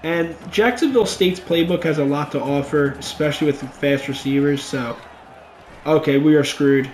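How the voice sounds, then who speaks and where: A young man calls a football video game in a high, excitable voice, dropping to quiet muttering and then shouting at big plays. The room is echoey, with a faint hum behind him. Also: normal speed. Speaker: gaming YouTuber. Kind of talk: let's play commentary.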